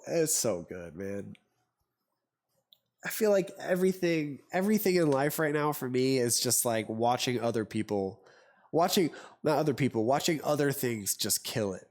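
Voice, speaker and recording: Rambling man in casual chat. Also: mid-range voice. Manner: rambling, heavy on fillers and restarts, swears. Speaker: podcast host.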